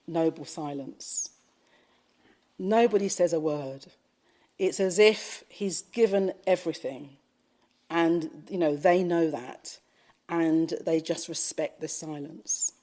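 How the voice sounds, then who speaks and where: Mellow low-voiced woman telling a story. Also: a little slow. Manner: gentle storyteller with frequent fillers. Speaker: Buddhist teacher. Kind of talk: storytelling dharma talk. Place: retreat talk at a Buddhist centre.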